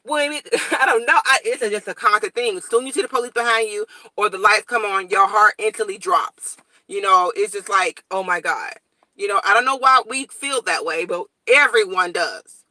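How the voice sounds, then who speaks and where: A young woman chats to her viewers in a casual morning vlog, blunt and straightforward. Her voice is bright and sharp. The sound is dry and close, with no room echo. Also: medium pitch, brisk. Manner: blunt, straightforward, animated storytelling. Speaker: vlogger.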